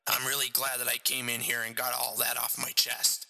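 Man putting on a hoarse, menacing confessor, low gravelly taunting tone, bright edge, echoey reverb. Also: completely flat delivery, normal speed, exaggerated voice. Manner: taunting, mocking.

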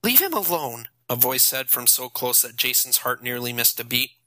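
A man narrating an audiobook in a steady, even storytelling manner. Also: mid-range voice, moderate pace, no echo, low-quality recording.

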